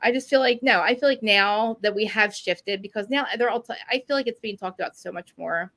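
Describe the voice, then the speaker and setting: A woman talks at a fast clip in a relaxed, chatty way, with a gravelly fry in her voice. She rambles through animated stories, piling up fillers as she goes. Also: mid-range voice, rough recording. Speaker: podcast co-host. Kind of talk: casual chat.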